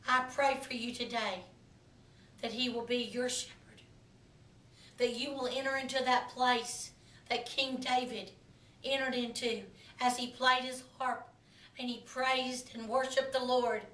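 A woman minister delivering a sermon in a slow, emphatic preaching cadence. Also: high voice, steady tone, sharp tone, roomy sound, recorded from a distance.

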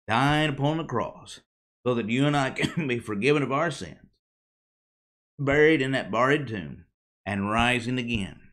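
A man delivers a sermon at a slow, measured pace in a mid-range voice. He leans on dramatic pauses and asks the congregation rhetorical questions. His phrases often drop low and soft at the end. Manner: emphatic, with dramatic pauses and falling endings. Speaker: preacher.

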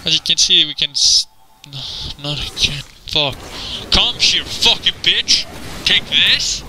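A fairly high-pitched man narrating his gameplay with a slow, drawn-out delivery. His bright, forceful voice is full of cursing and trash talk aimed at opponents. He keeps breaking into laughter and sudden excited shouts. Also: soft background music. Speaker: gamer recording his own match. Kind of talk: gameplay commentary.

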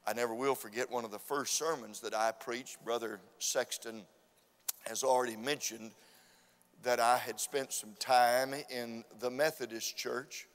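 A man preaching a revival sermon with fervent, repetitive emphasis that rises to loud urging. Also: medium pitch, steady tone, unhurried. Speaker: visiting preacher. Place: church sanctuary. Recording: long church hall reverb.

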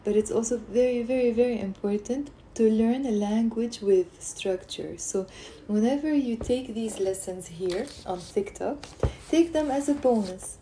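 A woman teaching Arabic live from her phone, lively and coaxing, repeating words for learners to drill. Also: fairly high pitch, a little slow, a little hiss or hum. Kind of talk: live-streamed language lesson.

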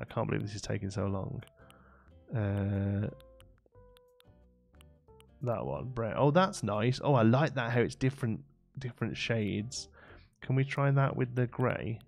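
A man's voice: on the low side, vocal fry. A man chatting with viewers during a late-night live game stream, thinking aloud and laughing often.

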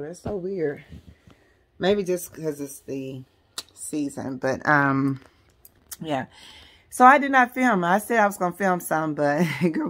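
A woman, chatting casually to camera at home, calling her viewers y'all and girl. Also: low-pitched. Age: 40s. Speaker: lifestyle vlogger. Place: at home, decorating a room.

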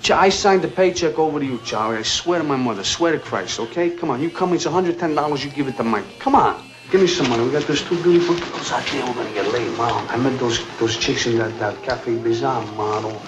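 An actor playing a reckless young male street hustler, rambling fast through excuses in 1970s film dialogue. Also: medium pitch, background noise, lightly acted. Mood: pleading. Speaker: film character. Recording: dull 1970s film soundtrack with faint music.

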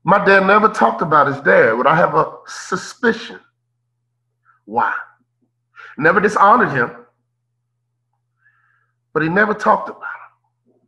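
High, bright, fiery motivational speaker man. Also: animated, measured pace, long pauses, low-quality recording. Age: 50s. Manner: preacher-like, repeats phrases, calls out listeners by name. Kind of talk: impassioned motivational keynote. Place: remote keynote on a call.

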